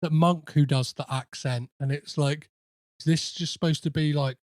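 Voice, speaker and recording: A man hosting a podcast, chatting casually about a film in a halting way, with many fillers and restarts. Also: fairly high pitch, steady tone, a little mellow, no room sound, clean studio sound. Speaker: podcast host.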